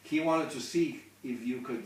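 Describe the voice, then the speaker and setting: A man's voice: medium pitch, moderate pace, slight background noise. A man giving a one-on-one violin lesson, explaining patiently and showing as he goes. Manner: patient, explains with demonstrations and restarts. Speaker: violin teacher. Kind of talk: one-on-one instruction. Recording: roomy, from a distance.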